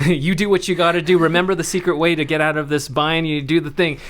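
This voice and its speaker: Man voicing a swaggering young punk rocker, loose, laid-back, bright, smooth. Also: fairly high pitch, flat delivery, fast, lightly acted.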